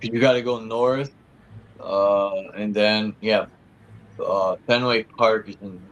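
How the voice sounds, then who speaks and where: Low-voiced man in loose, profane chat. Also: steady tone, slow pace, lo-fi sound. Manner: rambling, profane, loose and conversational. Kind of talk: casual chat.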